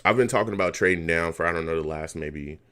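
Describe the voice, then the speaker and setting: A man's voice: sits low, fast. A man hosting a live fan reaction stream for a football game, reading chat comments aloud and ranting heatedly about play calls. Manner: animated, heated rants at the team.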